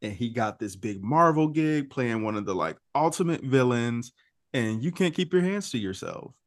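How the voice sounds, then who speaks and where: A man co-hosting a casual pop culture podcast, talking in an animated, gossipy way with quick asides and laughs. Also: mid-range voice, no echo, clean studio sound. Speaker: podcast co-host.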